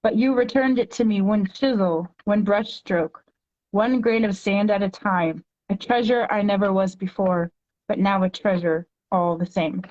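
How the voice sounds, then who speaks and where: An earnest woman speaks in a mid-pitched voice, moving between casual conversation and slow, deliberate readings of her own poems. The audio is dull and lo-fi. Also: darkish tone. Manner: earnest, reads poetry slowly and deliberately. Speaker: podcast guest, poet.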